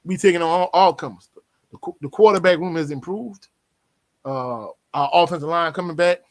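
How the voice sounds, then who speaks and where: A man hosting a sports livestream, reading chat comments aloud and answering with brash, animated trash talk. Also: on the high side, a little fast. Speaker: sports show host reading live chat.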